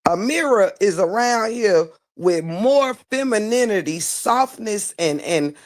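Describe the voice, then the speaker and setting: A woman's voice: mid-range voice, expressive, slow pace, no echo, studio quality. A woman giving blunt, profane live-stream commentary, preaching at her audience and firing off rhetorical questions.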